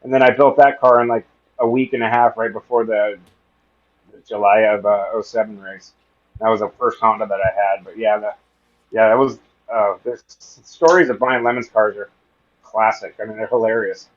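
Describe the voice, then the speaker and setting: A man's voice: on the low side, moderate pace, highs cut off. A man on a podcast telling funny stories in a casual way, acting out the people in them and laughing often. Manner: animated, acts out dialogue, laughs often. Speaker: podcast guest. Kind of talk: casual storytelling.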